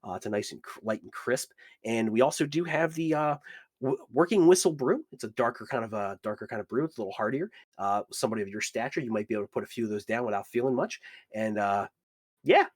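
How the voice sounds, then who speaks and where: A man's voice: medium pitch, expressive, fast talker, natural voice. A man voicing an eager male tavern bartender who rambles through the menu with lots of fillers. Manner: upbeat salesy, rambling with fillers.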